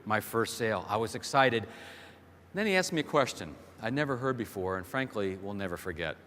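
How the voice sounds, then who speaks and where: A man's voice: fairly low pitch, expressive, a little fast, a bit bright. A man giving a motivational keynote speech on a large hall stage, telling stories and firing rhetorical questions at the audience through a stage microphone. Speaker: keynote speaker. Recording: long hall reverb from a stage.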